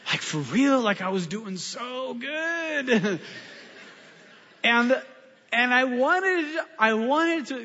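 A man, a pastor, telling a story in a sermon with animated, self-mocking humor. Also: very high voice. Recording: muffled sound with long hall reverb.

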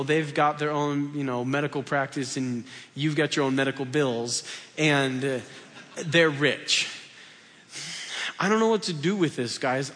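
Casting: male pastor, high-pitched voice, chatty self-deprecating sermon, long hall reverb. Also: a bit bright. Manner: conversational, self-deprecating, acts out dialogues.

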